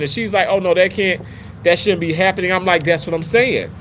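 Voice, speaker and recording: A man hosting a casual livestream, chatting with viewers in an animated, rambling way, full of restarts. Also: brisk, a little hiss or hum, rough recording. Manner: animated, rambling, with frequent restarts and pitch jumps. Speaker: livestream host reading chat.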